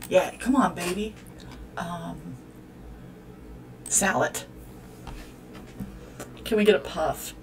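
A woman's voice: medium pitch, animated, takes it slowly, long pauses, far from the mic, slight background noise. A woman hosting a let's-play, commenting on a life-sim game in a profane, exclamatory way as she talks at the characters. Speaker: gaming channel host.

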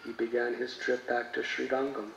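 A man, a spiritual teacher, telling a sacred story in a sermon with slow, dramatic delivery. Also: medium pitch, little pitch movement, creaky, fairly bright tone, dull audio. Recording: echoey, distant mic, faint noise.

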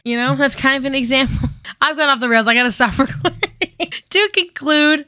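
A woman's voice: high-pitched, fairly quick, pushed and bright, dry recording. A young woman giving casual, sarcastic commentary for a video essay, swearing and joking. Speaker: YouTube commentator.

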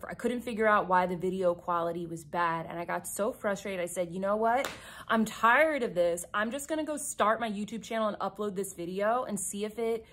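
A young adult woman, a beauty YouTuber, talking chattily and enthusiastically to viewers while doing her makeup at home, filmed on a phone. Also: on the low side. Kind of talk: chatty get-ready-with-me vlog.

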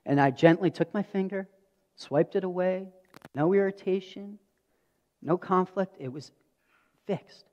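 A man's voice: high voice, measured pace, pauses often, darkish tone. A pastor in his thirties preaching a sermon, telling stories earnestly and acting out dialogue. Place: church sanctuary. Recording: dull audio with long hall reverb.

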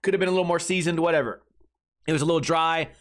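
A man's voice: fairly high pitch, steady tone, very fast. A man hosting a comedy podcast, telling rambling, crude, jokey stories about his weekend in a casual way. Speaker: podcast host.

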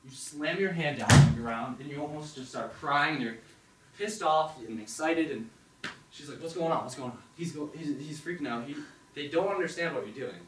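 A young man telling an animated second-person story at an open mic, acting out the thoughts he quotes. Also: a little high, moderate pace. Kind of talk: storytelling monologue. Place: performance hall. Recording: echoey hall, distant mic, faint noise.

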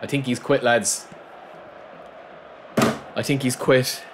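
A man giving live gameplay commentary, swinging between hyped shouting and low muttering as he plays. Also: steady tone, slow pace, a crowd in the background, noisy background. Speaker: gaming commentator.

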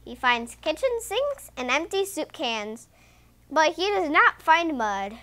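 A woman reading a children's picture book aloud in an expressive, sing-song storytelling voice. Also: sits high, measured pace.

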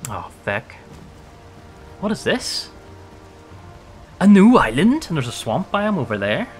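A man's voice: medium pitch, very animated, measured pace, a bit bright, soft background music. A man streaming a game, giving casual gameplay commentary, playful, swearing often and laughing a lot.

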